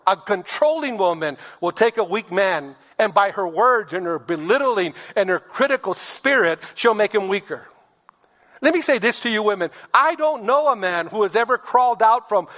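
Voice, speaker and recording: Male pastor, high-pitched, preaching sermon, reverberant church hall. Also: fairly bright tone. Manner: preaching with acted-out quotes of husbands and wives; asks the congregation for amens.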